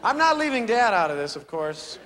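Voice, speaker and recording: A young man doing an animated stand-up routine on a theater stage, acting out characters with voices and sound effects. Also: high voice, a little fast. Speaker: stand-up comedian. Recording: live theater recording with crowd noise. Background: audience laughter.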